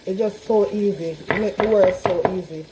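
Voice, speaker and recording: A very noisy clip captures a woman with a Trinidadian accent vlogging casually from her home kitchen, talking straight to viewers over a frying, sizzling pan. She speaks at a moderate pace in a medium-pitched voice.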